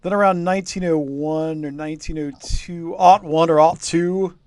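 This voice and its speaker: A man's voice: a little high, fairly even intonation, moderate pace, a little mellow, smooth, dry recording, voice pushed up, lightly acted. A man voicing an old village workman. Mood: musing. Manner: rambling folksy storytelling in his own voice. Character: older male village workman telling rumors. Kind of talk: tabletop game character voice.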